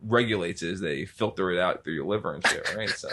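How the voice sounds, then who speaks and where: Brief: middle-aged male co-host, bright forceful tone, casual and profane. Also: low-pitched, brisk, a little hiss or hum. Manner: loose, profane, enthusiastic. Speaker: podcast co-host. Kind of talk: casual chat.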